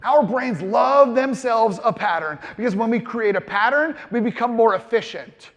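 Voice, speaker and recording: A man's voice: very high-pitched, moderate pace, fairly bright tone, big-room sound. A man in his thirties giving a comedic motivational keynote speech, playful and self-deprecating, acting out little voices. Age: 30s. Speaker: keynote speaker. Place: large conference hall with audience.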